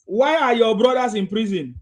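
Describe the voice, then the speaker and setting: A man's voice: very high voice, animated, normal speed. A man hosting a heated live call-in chat, combative and mocking, repeating his points. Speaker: host.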